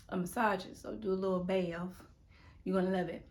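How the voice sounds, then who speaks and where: A woman's voice: medium pitch, steady tone, brisk, a little mellow. A young adult woman talking casually to camera in a rambling self-help monologue, repeating words and sometimes dropping to a whisper. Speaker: YouTuber.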